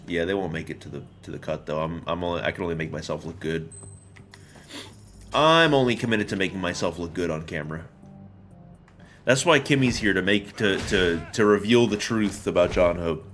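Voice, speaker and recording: A man's voice: low-pitched, a bit bright. A man streaming a video game, rambling through casual commentary full of jokes and swearing. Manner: joking, profane, rambling.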